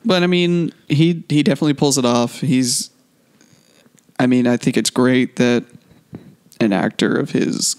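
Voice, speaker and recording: A man's voice: mid-range voice, fairly even intonation, unhurried, long pauses, clean tone. Male co-host, casual movie talk, meandering delivery, clean resonant tone. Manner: rambling, trails off mid-sentence, self-correcting. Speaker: podcast co-host.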